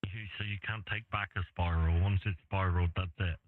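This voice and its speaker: A man's voice: low-pitched, steady tone, fairly quick, narrow, tinny audio, very noisy. An English man chatting casually over ham radio, laid-back and rambling with lots of fillers. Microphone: radio transceiver mic. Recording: thin radio transmission audio.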